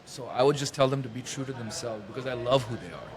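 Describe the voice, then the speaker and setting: A middle-aged man speaks fast as a podcast guest, chatting loosely and joking. He likes to drop fancy words into easy talk. His pitch sits in an ordinary middle range. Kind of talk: casual conversation.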